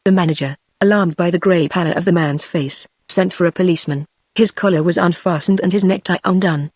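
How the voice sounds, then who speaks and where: A text-to-speech woman's voice with a British English accent, reading an audiobook in an even, measured way. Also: fairly low pitch, no room sound. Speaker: audiobook narrator. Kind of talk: synthetic audiobook narration.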